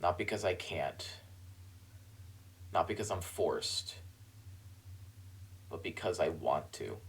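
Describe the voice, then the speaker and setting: A man streamer giving a tearful, halting farewell monologue, apologizing and repeating himself. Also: low-pitched, expressive, husky.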